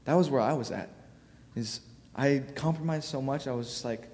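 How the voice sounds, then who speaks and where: A man's voice: mid-range voice, moderate pace, darkish tone. Young man preaching in an echoey hall. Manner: informal, filler-heavy, storytelling. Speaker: youth preacher. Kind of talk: casual youth sermon. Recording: long hall reverb.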